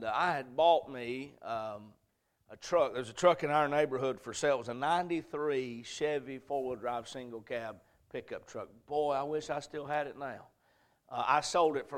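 A Southern American man in his thirties preaches in a church, telling a personal story in a folksy, rambling way. His voice sits at an ordinary middle pitch. He drops to a near-murmur and then climbs back to loud emphasis. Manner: folksy, rambling, swings between quiet and loud. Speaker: pastor. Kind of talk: sermon storytelling.

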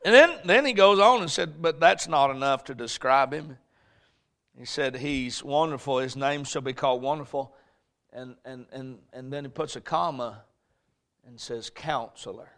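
A male pastor preaching a sermon, swinging between shouted emphasis and quiet storytelling. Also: medium pitch, normal speed. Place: church sanctuary.

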